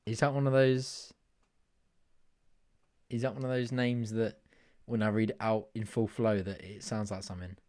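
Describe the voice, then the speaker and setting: A man hosts a live football watch-along, describing the match in a casual, chatty way. He gets excitable and laughs often as he breaks off to talk to viewers. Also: on the low side, normal speed, long pauses.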